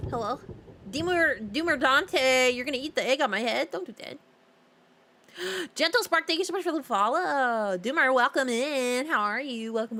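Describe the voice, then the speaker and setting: Streaming a horror game, this woman jokes around with her chat and laughs a lot, keeping things casual and giggly. Her voice is high-pitched with a sharp tone.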